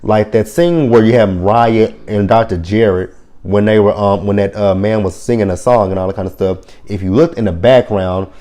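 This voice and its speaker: A man with a lowish, mellow voice casually recaps a reality show episode. He talks bluntly and swears freely when something annoys him. He rambles and keeps correcting himself as he goes. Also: moderate pace. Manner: rambling with frequent self-corrections.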